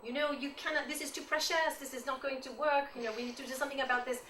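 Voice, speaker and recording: A woman's voice: sits high, steady tone, rapid-fire, fairly bright tone, reverberant, distant mic, slight background noise, pitched above the performer's own voice. A woman voicing a strict, scary older art teacher with a French accent, blunt and scolding. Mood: stern.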